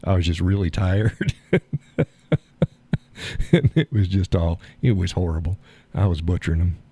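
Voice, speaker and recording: The man hosting this live stream has a husky, dark, low-sitting voice and talks a little slowly. He's chatting casually, laughing a lot, folksy and blunt, and swears offhandedly.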